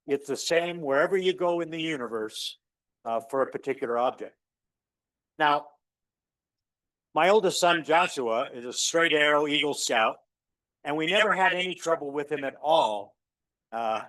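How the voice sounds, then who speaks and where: A middle-aged man lecturing university physics, telling stories with lively, acted-out dialogue. His voice sits a little high for a man. The sound is dry and close with no room echo, as if from a lapel mic. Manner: animated storyteller, acts out dialogue with rising pitch. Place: lecture hall.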